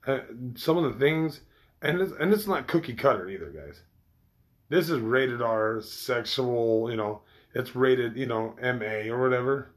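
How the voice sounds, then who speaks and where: A man's voice: medium pitch, animated, a little slow. A man chatting casually to his viewers, rambling, swearing freely and restarting his sentences often. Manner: rambling, loose and profane, with many restarts. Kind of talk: casual chat.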